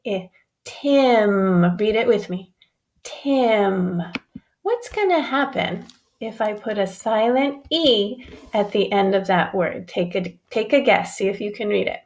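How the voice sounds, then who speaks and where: A woman teacher giving a phonics lesson to young children, sounding out each vowel slowly and clearly and speaking to them as friends. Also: medium pitch, lively intonation.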